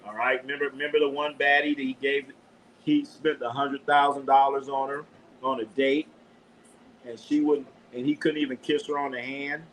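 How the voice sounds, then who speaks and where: A man's voice: medium pitch, moderate pace, slight background noise, rough recording. A man from Los Angeles hosting a live sports show, talking in a loose, profane, trash-talking way. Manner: animated, profane trash talk. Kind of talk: casual live sports chat.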